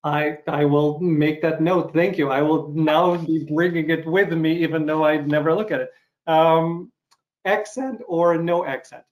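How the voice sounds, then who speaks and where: A man's voice: on the high side, fairly even intonation, unhurried. A man interviewing a guest, who talks about his own auditions in a loose, rambling way, thinking aloud. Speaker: interviewer and actor. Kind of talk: casual interview talk.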